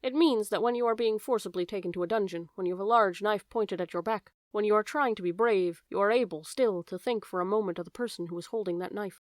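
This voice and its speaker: Woman reading a kids' book aloud, gentle, talks right to the reader, smooth clear voice, dry close sound. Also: mid-range voice, quick pace, hardly any pauses, no echo. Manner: gentle, addresses the reader directly. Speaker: audiobook reader. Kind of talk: children's audiobook narration.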